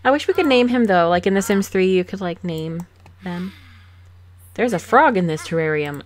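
A woman's voice: lowish voice, expressive, normal speed. Chatty, giggly woman commenting on gameplay. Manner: chatty, giggly, sarcastic asides. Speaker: let's play host. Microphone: desk microphone.

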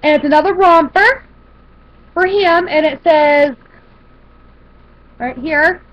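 In a slow, high-pitched voice that's a bit bright, a vlogger walks the camera through her shopping haul. Her casual chatter rambles with fillers and restarts, captured in dull lo-fi home video audio.

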